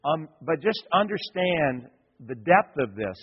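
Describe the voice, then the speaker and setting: A man's voice: fairly high pitch, big pitch swings, a little slow, slightly rough, long reverb tail, lo-fi sound. A male pastor preaching in a church, folksy and repetitive, acting out quotes as he goes. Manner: folksy, repeats himself, acts out quotes. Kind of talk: sermon.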